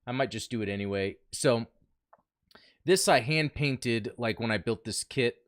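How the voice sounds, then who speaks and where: A man's voice: medium pitch, measured pace, dry recording, studio quality. A man hosting a casual livestream from home, chatting with viewers while setting up and thinking aloud, talking into a desk mic. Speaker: livestream host. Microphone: desk mic he talks into.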